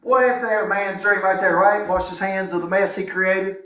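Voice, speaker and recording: High-voiced pastor preaching. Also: male voice, normal speed. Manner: folksy, animated preaching with wry asides. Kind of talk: sermon. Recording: echoey room sound.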